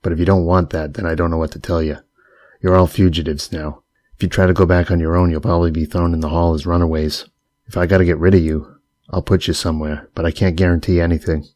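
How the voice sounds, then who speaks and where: Picture a middle-aged driver laying out threats in a calm, matter-of-fact way, voiced by a man reading an audiobook. The voice sits very low and barely moves in pitch. The recording is close and dry. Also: fast, no room sound, lightly acted. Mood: cool, menacing. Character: middle-aged male getaway driver, coaxing and menacing. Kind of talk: audiobook character voice.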